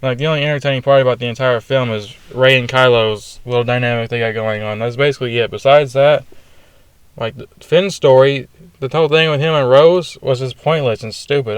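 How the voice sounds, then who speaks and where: A man's voice: mid-range voice, clear, resonant tone, dry recording. A young man giving a casual, ranting and profane movie review, full of fillers like "like" and "you know". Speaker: film reviewer.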